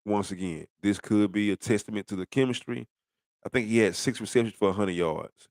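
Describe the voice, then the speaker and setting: On the low side and fairly quick, this middle-aged man's darkish voice comes through a dry recording. He is a sports commentator in a blunt, rambling, casual football rant loaded with rhetorical questions.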